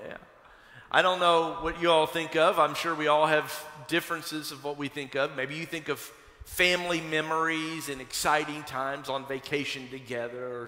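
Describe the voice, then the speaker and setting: A Kentucky-born pastor preaches to his congregation, slipping from prayer into an animated personal story. His voice sits a little high and rings bright and forceful. The sound carries the long reverb of a church sanctuary. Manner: conversational, building to animated storytelling.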